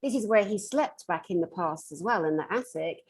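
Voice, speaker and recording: A woman's voice: on the low side, normal speed, husky, low-quality recording. A woman working as a metaphysical therapist, telling a story on a conference panel and acting out the lines of the people in it. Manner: animated, acts out quoted dialogue.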